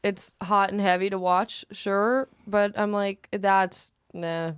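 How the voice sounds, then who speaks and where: Woman guest, jokey and giggly, clear smooth tone, dry recording. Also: medium pitch, level tone, takes it slowly, no echo. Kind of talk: casual podcast chat.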